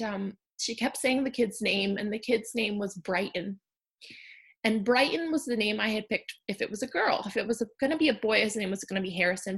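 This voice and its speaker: A woman in her thirties telling a personal story in a candid, conversational way, with fillers and soft laughs. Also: mid-range voice, gravelly. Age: 30s. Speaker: storyteller sharing a personal loss.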